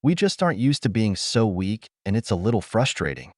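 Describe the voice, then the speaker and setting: A calm, wry male ninja mentor who speaks bluntly, as a man narrating reads his lines. The voice is low and lively in pitch. The recording sounds dry and close. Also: a little fast, dry recording.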